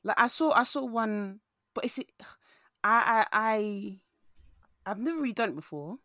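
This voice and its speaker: A young woman talks in an easy, animated way. She acts out little quotes as she goes and tells her stories with humour. The sound is close and dry, with no room echo. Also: a little high, a little slow. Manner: animated, laughing storyteller who acts out quotes. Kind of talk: casual chat.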